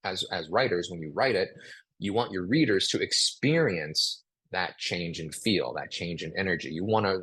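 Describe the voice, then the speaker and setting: A man teaching a live online writing class, acting out example sentences aloud in an animated way. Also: on the low side, breathy edge, dry recording. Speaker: writing instructor.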